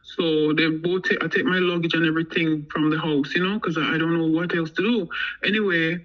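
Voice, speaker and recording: A woman's voice: low-pitched, fairly quick, muffled recording. An American woman casually recounting her own story as a guest, acting out what others said along the way. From United States. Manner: animated, acts out what others said.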